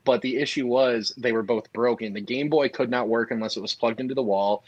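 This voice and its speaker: Animated young man, dry close sound. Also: medium pitch, brisk, no echo, lo-fi sound. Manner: animated, jumps in and interrupts. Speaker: podcast co-host. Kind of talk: casual chat.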